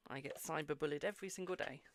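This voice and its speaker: A man's voice: a little high, very fast, a bit bright, slight background noise. A British man hosting a live-stream tarot reading, affectionate and repetitive, who keeps calling viewers "my darling". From United Kingdom. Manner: affectionate, repeats phrases, calls viewers "my darling" and "boo".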